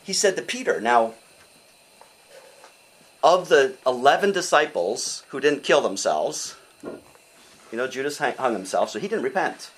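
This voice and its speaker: An older man preaching a sermon in an animated, conversational way, often asking his listeners questions. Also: mid-range voice, measured pace, pauses often, husky, poor audio.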